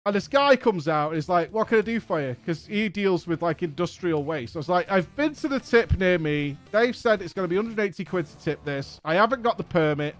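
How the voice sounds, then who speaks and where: High-voiced exasperated English man. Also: expressive, a little fast, few pauses, soft background music. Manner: exasperated, profane anecdote with acted-out dialogue. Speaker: streamer host. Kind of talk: casual storytelling.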